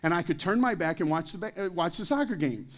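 A man's voice: high-pitched, animated, fast. A man preaching a sermon at a church service, telling stories with jokes and putting questions to the congregation. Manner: joking, anecdotal storytelling. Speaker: pastor.

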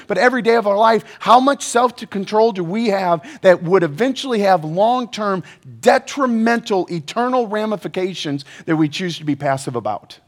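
Male pastor with a high voice, energetic and playful, talks straight to the audience. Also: moderate pace. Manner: energetic, joking, asks the audience questions. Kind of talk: sermon.

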